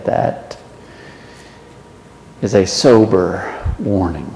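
A man preaching a sermon, swinging from loud emphatic questions to low, quiet warnings. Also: expressive, measured pace, creaky, echoey room, long reverb tail, low-quality recording.

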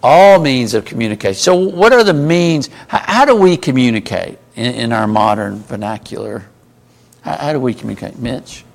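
A man's voice: medium pitch, animated, moderate pace, gravelly. A man teaching a group Bible class in a conversational way, asking the group questions as he goes.

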